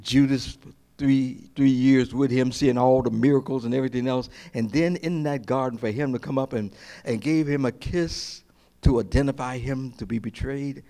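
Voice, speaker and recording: A man preaching a sermon as pastor, passionate, repeating phrases for emphasis and swinging between loud peaks and quiet asides. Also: mid-range voice, moderate pace.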